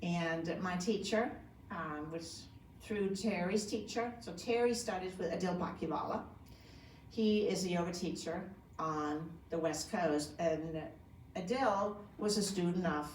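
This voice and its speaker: A woman's voice: fairly low pitch, a little slow, slight background noise. A woman yoga teacher giving a conversational talk to a group, often asking them questions. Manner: conversational, asks the audience questions. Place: community room. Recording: echoey room from a distant mic.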